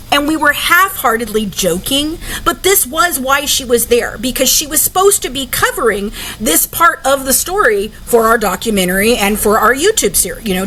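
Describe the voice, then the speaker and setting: A woman, an interview guest, telling a story in casual, animated talk full of "like" fillers. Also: fairly high pitch, moderate pace, a little hiss or hum, rough recording.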